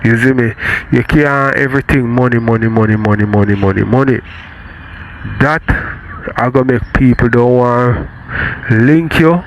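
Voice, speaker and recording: A man's voice: medium pitch, normal speed, dull audio, a little hiss or hum. A Jamaican man in a casual live chat giving advice, often stopping to check that the listener follows.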